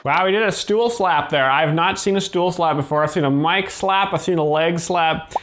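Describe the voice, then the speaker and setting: Male host, deadpan and sarcastic, mock-serious analysis, somewhat high voice, hesitant. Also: moderate pace, background noise. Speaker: host of a comedy commentary channel. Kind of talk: mock-serious comedy commentary.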